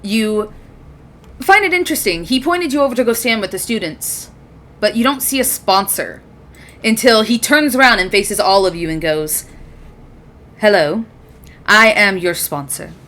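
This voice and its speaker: A woman runs a tabletop game session, narrating the scene in a relaxed, chatty way. She laughs easily and fills her pauses with ums as she goes. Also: a little high. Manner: casual, giggly narration with fillers. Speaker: game master.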